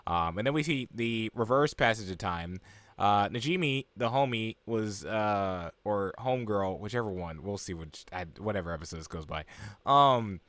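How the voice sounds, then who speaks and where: Young guy, anime reviewer, low voice, loose rambling recap, dry close sound. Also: animated, normal speed, a bit bright, dry recording. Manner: rambling, full of fillers and asides.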